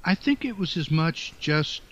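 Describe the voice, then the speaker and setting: An older man being interviewed as an author, speaking in a halting, thoughtful way with many fillers and restarts. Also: a little high, big pitch swings, a bit bright, a little hiss or hum. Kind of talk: reflective interview talk. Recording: dull lo-fi sound.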